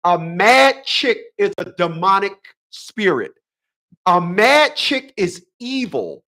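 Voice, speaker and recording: A man's voice: sits high, sing-song, takes it slowly, sharp tone. A man in his fifties hosting a casual livestream monologue, emphatic and preachy, often repeating his phrases. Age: 50s. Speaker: host.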